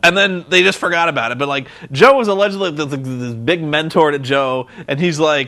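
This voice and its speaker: A man's voice: on the high side, normal speed. A man giving a casual, sarcastic wrestling recap, swearing freely and acting out scenes. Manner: excitable, profane, sarcastic, acts out scenes. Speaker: vlogger reviewing wrestling. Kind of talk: casual commentary.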